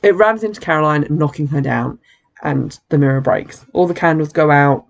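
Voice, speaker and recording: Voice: medium pitch, lively intonation, normal speed, vocal fry, highs cut off. A podcast host casually recapping a horror film, chatty, with wry asides and frequent self-corrections.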